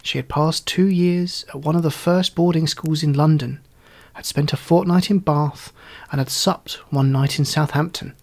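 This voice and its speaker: Man reading an old story aloud, slightly high voice. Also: steady tone, normal speed, creaky, darkish tone.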